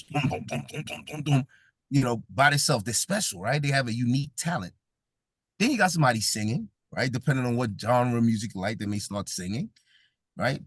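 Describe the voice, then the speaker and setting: A man's voice: mid-range voice, fairly bright tone, no room sound, clean studio sound. A man from Brooklyn, New York, giving a comedic motivational talk. He jokes, laughs often and keeps talking with the audience. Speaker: event speaker.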